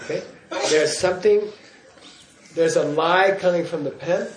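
A man's voice: on the high side, unhurried, a crowd in the background. A man giving a Buddhist teaching in class, in a playful way, often checking in with his listeners. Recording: roomy hall echo.

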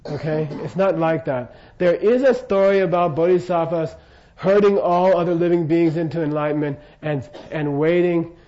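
A man's voice: on the high side, normal speed, warm tone. An older man giving an informal Buddhist lecture, casual and jokey, often checking in with his listeners. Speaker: Buddhist teacher. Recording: dull lo-fi lecture recording.

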